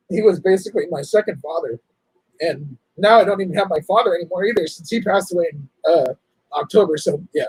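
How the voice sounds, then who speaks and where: Man, husky voice, fairly high pitch, dry close sound, emotional halting livestream chat. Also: darkish tone, no echo, rough recording. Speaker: livestream host.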